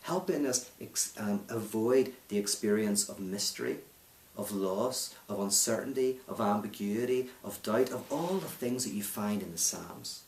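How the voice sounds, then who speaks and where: A Northern Irish man, a speaker and author, is being interviewed on a roomy, distant mic. His lowish voice is expressive, unhurried, and a bit mellow as he tells a story and makes a challenging, emphatic case.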